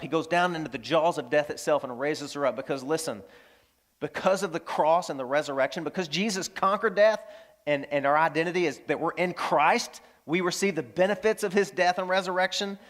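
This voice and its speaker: A pastor delivering a lively sermon, his voice sitting a little high for a man. He moves between bright, loud exclamations and quiet, tender passages. He tells stories and talks straight to his congregation. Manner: animated, swings from loud exclamations to hushed tender lines.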